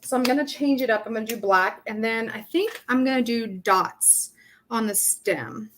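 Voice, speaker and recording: A woman's voice: on the high side, moderate pace, fairly bright tone, a little hiss or hum. A young woman from Southern California hosting a casual live painting tutorial, chatting and thinking aloud with many ums, her throat dry. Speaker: craft workshop host.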